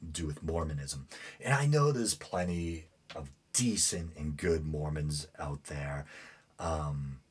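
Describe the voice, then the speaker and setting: A man's voice: a bass voice, takes it slowly, husky. A man with a New England accent hosting a show, reading news stories aloud with many fillers and rambling, indignant asides. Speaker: podcast host. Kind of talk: casual commentary reading news.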